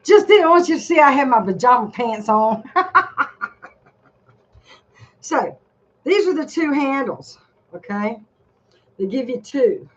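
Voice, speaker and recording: A woman's voice: high-pitched, expressive, moderate pace, muffled recording. An older woman vlogging a casual product review from her home desk, chatty and rambling as she talks straight to her viewers.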